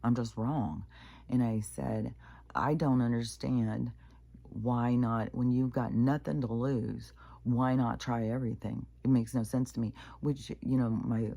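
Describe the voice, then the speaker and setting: A woman vlogging a casual, profane rant, often pausing to clear her throat. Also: a bass voice, dark tone, no room sound. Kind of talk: casual venting monologue.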